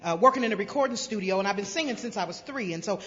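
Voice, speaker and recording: Forceful woman speaking in a reverberant hall. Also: mid-range voice, very fast. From Greenville, South Carolina. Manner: lively storyteller who acts out voices with humor. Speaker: recovery speaker. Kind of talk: personal recovery story told to a crowd. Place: large convention hall. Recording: dull lo-fi convention hall recording with long reverb.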